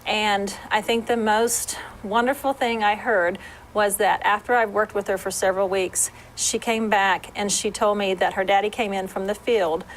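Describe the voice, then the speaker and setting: A woman's voice: medium pitch, fairly even intonation, normal speed, a little hiss or hum, rough recording. Earnest woman speech therapist. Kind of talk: guest on a local talk show.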